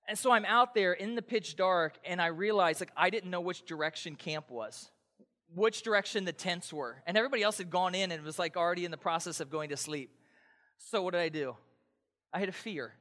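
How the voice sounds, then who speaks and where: A middle-aged man pastor preaching a sermon, telling stories with energy and acting out shouts. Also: high-pitched. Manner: animated storytelling with acted-out shouts. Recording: hall reverb.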